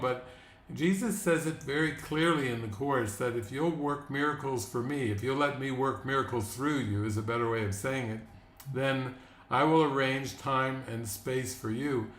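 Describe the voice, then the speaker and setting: A man's voice: medium pitch, fairly bright tone. A man hosting a live spiritual talk, speaking earnestly and unhurriedly and often repeating words. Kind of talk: casual spiritual conversation. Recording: echoey room.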